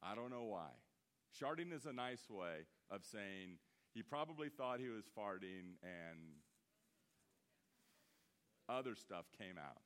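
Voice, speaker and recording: A man in his fifties preaching a sermon as pastor, telling a story in an animated way that swings from loud, emphatic bursts to hushed asides. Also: on the low side, normal speed, clean tone. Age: 50s.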